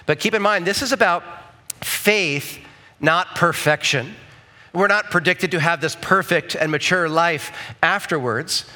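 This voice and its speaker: A man's voice: on the high side, unhurried, sharp tone. A male pastor preaching a conversational sermon in church, often checking in with the congregation with asides.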